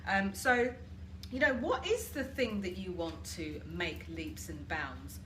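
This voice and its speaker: A woman's voice: lowish voice, animated, slow, a bit bright. A British woman hosting a live coaching session from home, chatting and asking viewers questions. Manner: chatty, asks listeners reflective questions and greets viewers. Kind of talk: live-stream coaching talk. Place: home, washing machine running nearby. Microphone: laptop or phone camera for a live stream. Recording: roomy home live stream, washing machine hum.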